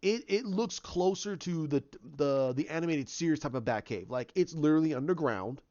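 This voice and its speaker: A man's voice: a little high, expressive, moderate pace, darkish tone, highs cut off. A man casually retelling his own movie idea, rambling with lots of restarts and fillers. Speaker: fan pitching a movie idea.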